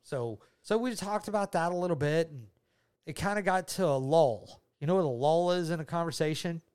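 Rambling dad telling a story. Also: male voice, a little high, fairly quick, smooth. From Georgia, USA. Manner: animated, rambling, repeats words, voices the people in his story. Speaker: father telling a story to his child. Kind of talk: casual family storytelling.

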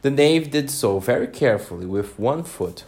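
A man's voice: medium pitch, expressive, a little mellow. A man reading a storybook aloud to children, stumbling now and then and adding asides. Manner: slow, stumbles and adds asides. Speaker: reader to children.

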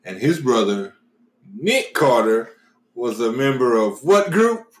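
A man's voice: mid-range voice, very animated, slow. A man casually quizzing his friends on pop-culture trivia, teasing and cursing freely. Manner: profane, teasing quizmaster. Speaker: host asking trivia. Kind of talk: casual chat. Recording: echoey room with faint ambience.

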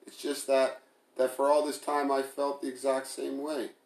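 A man's voice: mid-range voice, completely flat delivery, moderate pace, voice pushed up, lightly acted. A man doing an evasive, flustered young man. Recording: roomy echo.

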